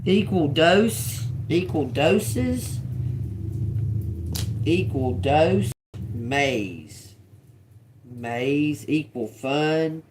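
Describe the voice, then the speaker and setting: A woman reads tarot on a live stream in a low, animated voice with a darkish tone, musing slowly and repeating the words as she reads them. She's casual, swears, and laughs with her viewers. There's slight background noise.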